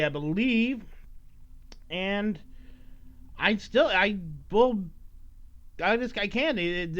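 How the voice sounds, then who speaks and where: His voice is extremely high, clear, and resonant as he hosts a casual solo podcast, rambling, cursing, and mock-scolding the listeners. The recording is dull and lo-fi.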